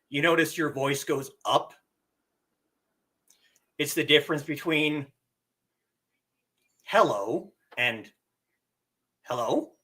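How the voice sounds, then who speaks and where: A man giving a live-streamed lesson, explaining slowly and deliberately and drawing out his spoken examples. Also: a little high, fairly bright tone. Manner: reads viewer comments aloud. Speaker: teacher and streamer.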